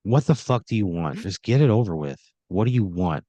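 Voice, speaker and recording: Exasperated swearing podcast co-host. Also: male voice, on the low side, big pitch swings, a little fast, dark tone, no echo. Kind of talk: improvised comedy.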